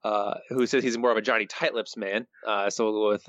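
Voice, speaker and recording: A man's voice: lowish voice, steady tone, brisk, hardly any pauses, fairly bright tone, no room sound, dull audio. A man co-hosting a podcast in casual chat, dry and understated, reading listener quotes. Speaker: podcast co-host.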